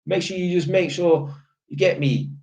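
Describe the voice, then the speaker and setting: A man's voice: high voice, normal speed, vocal fry, darkish tone, rough recording. A man with a London accent talking on a livestream, blunt and emphatic, swearing often and ending lines with tag questions. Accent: London, Multicultural London English. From North London, England. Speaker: livestream host. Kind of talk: casual livestream monologue.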